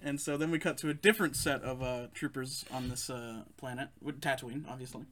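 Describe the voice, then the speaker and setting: A man co-hosting a casual chat, retelling a fan film with laughs and quick imitations of the characters. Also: medium pitch, a bit bright, a little hiss or hum. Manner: laughing, quoting characters in quick put-on voices. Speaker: podcast co-host.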